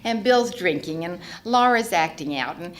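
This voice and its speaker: An older woman telling her personal recovery story in an animated way, laughing often as she speaks. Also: lowish voice, moderate pace. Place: meeting hall. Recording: echoey hall, faint ambience.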